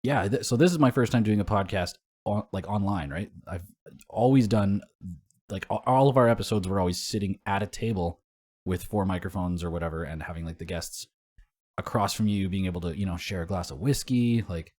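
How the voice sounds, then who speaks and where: A laid-back man from Canada co-hosting a casual podcast, teasing his partner and letting his sentences trail off quietly. His voice sits fairly low and he speaks easily. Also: fairly quick. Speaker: podcast co-host, music promoter.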